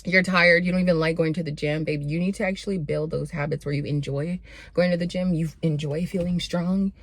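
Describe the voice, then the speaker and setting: A woman's voice: on the low side, fairly even intonation, a little fast. A young woman giving a sassy, blunt motivational pep talk straight to her viewers and calling them honey and babe. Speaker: self-improvement vlogger.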